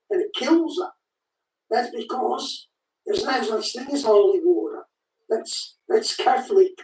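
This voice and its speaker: An animated woman talks casually, her pitch leaping up and down as she restarts and repeats her words. Her voice is mellow and sits a little high. She sounds far from the mic in an echoey room. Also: slight background noise. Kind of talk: casual spoken commentary.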